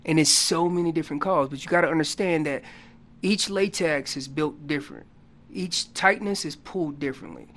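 A man guest on a radio talk show, explaining elk calling in an animated storytelling way that gets loud on key points. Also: fairly high pitch, fairly quick. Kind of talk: casual radio interview.

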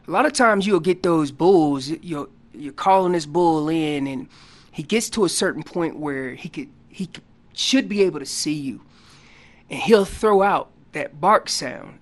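A man on a radio show explaining elk calls in a folksy, animated way, acting out what the animals are saying. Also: a little high. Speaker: elk calling guest expert. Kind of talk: casual radio interview explanation. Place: radio studio.

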